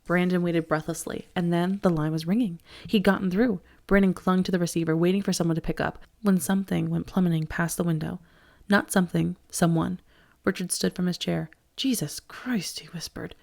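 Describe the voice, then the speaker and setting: A woman teacher reading a novel aloud with steady expression. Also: lowish voice, a little fast, creaky. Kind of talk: audiobook read-aloud.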